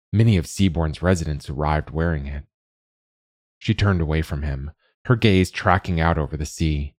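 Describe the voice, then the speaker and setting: A man narrating a story at a measured, even pace. His voice is very deep and sounds close and dry, with no room echo.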